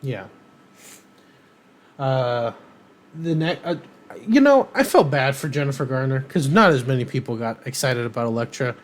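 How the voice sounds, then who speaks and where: A man's voice: medium pitch, animated, normal speed, pauses often. A man co-hosting a podcast, chatting casually and rambling with lots of ums and uhs. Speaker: podcast co-host. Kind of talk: casual chat.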